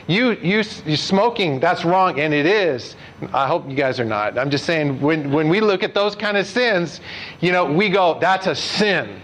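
A man's voice: a little high, moderate pace, fairly bright tone, poor audio. A man preaching a conversational sermon as pastor, earnest and putting direct questions to his congregation.

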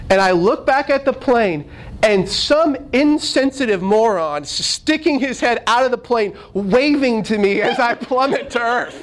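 A man who is a minister, telling a humorous story from the pulpit in an animated, self-deprecating way. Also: extremely high pitch, a little slow, slight background noise, low-quality recording.

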